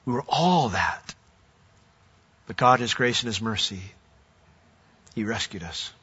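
A man's voice: medium pitch, sharp tone, slightly rough, muffled recording. A man preaching a sermon as pastor, earnest and building to emphatic declarations.

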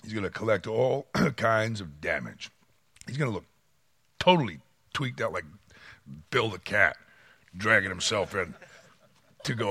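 A man's voice: fairly low pitch, gravelly, sharp tone, slightly rough, no echo. A man preaching a sermon, reading scripture and acting out quotes with dramatic swings. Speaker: pastor.

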